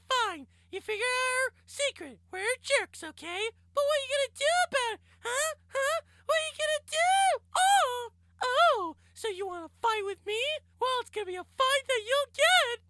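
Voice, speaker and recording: A man's voice: extremely high pitch, expressive, measured pace, sharp tone, pitched above the performer's own voice, exaggerated voice. A man voicing a feisty, cocky cartoon owl who taunts and picks fights. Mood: taunting. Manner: taunting, sassy.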